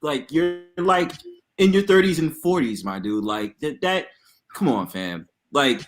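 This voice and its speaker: A man's voice: a little high, animated, unhurried, faint music behind. A man on a podcast panel, talking in a laid-back, slangy way. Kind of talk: casual chat.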